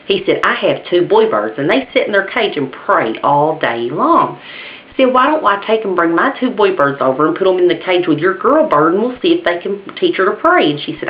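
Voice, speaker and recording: A woman's voice: lowish voice, big pitch swings, fairly quick. A woman telling jokes in a folksy, casual way and chuckling at her own punchlines. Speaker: joke teller. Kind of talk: casual joke telling to camera. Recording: dull lo-fi home video with faint hiss.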